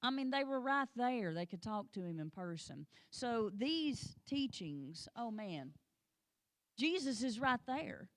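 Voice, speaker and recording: A woman's voice: fairly high pitch, big pitch swings, slow. A woman teaching a Sunday school lesson, plain-spoken and folksy, with joking asides, and urging the class on directly.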